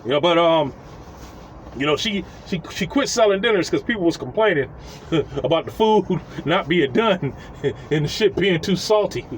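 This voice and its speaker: A man telling a casual, profane story, animated and chuckling as he acts out what people said. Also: on the high side, moderate pace, a little hiss or hum, low-quality recording.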